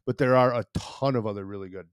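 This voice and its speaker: Young guy cohost, lowish voice, laid back and teasing, dry close mic. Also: fast talker, clean tone, no room sound. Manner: easygoing, teasing, chimes in. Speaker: podcast co-host. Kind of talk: casual chat.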